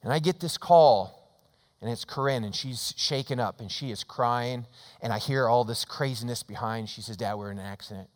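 A man's voice: mid-range voice, normal speed. Preaching man with a long church echo. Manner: storytelling with swings between loud emphasis and hushed tones. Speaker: pastor. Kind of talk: sermon. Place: church sanctuary. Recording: long reverb of a church hall.

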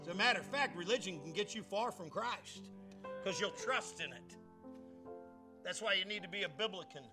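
An older man preaching a sermon as pastor, emphatic and conversational, climbing into shouted peaks, with faint music behind. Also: high voice, lively intonation, moderate pace.

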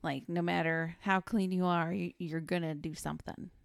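A woman co-hosting a movie podcast, chatting casually and reacting quickly with frequent laughs. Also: fairly low pitch, steady tone, gravelly, no room sound, clean studio sound. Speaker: podcast co-host.

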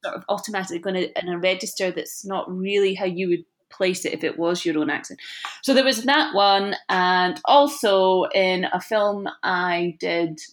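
An actress in her forties, appearing as a podcast guest, talks easily in a casual interview with a slight lisp from a lazy tongue. Self-deprecating, she laughs at herself often, in a lowish voice at a moderate pace.

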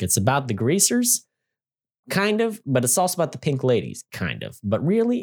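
A man co-hosting a podcast, reviewing a film in an animated, sarcastic rant that keeps asking his listener "all right?". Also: medium pitch. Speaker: podcast co-host. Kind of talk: casual movie review rant.

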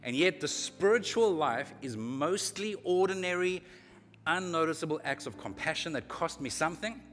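A man preaching a sermon as a pastor, lively and animated, getting loud and quiet by turns. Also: fairly high pitch, moderate pace, faint music behind. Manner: lively, animated preaching with sudden swings in loudness. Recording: long echo of a hall.

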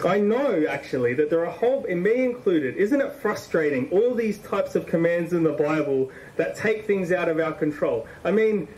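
A man's voice: high voice, lively intonation, normal speed, hardly any pauses, darkish tone, distant mic, poor audio. Conversational man preaching a sermon. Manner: conversational, emphatic, repeats phrases for stress.

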